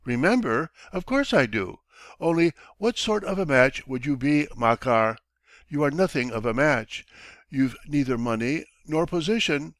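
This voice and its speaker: A man's voice: fairly high pitch, lively intonation, fairly bright tone, dry recording, studio quality, voice pushed up. A man reading an audiobook, voicing a blunt, self-satisfied older townsman who talks down to others. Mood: dismissive. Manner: brisk, dismissive, bossy. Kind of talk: audiobook character voice.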